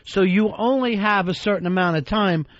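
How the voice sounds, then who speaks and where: A man's voice: high-pitched, normal speed, no room sound. Crude teasing radio host, man. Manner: teasing, insulting, deadpan dark jokes. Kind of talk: crude comedic radio banter. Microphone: studio microphone. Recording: dull dry radio studio sound.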